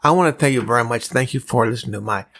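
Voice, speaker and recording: Male podcast host, dry close sound, slow and repetitive sales coaching. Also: medium pitch, creaky, a bit bright, no room sound. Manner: measured, repetitive, acts out dialogue in his story. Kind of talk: motivational talk with a personal story.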